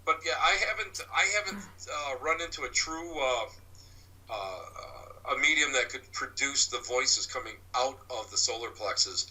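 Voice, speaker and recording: Male psychic-medium guest: sharp, bright voice, slightly off-mic, halting anecdotal delivery. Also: mid-range voice, animated, distant mic, poor audio. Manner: halting, repeats and restarts words. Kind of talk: rambling anecdotal storytelling.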